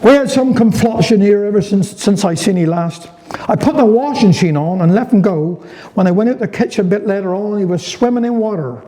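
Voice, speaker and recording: Brief: Cornish storyteller, man, fairly high voice, playful and chatty. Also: animated, brisk, warm tone, poor audio. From Cornwall. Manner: chatty, humorous rhyming recitation. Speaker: dialect storyteller. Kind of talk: reading dialect stories to a live audience. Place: heritage venue talk.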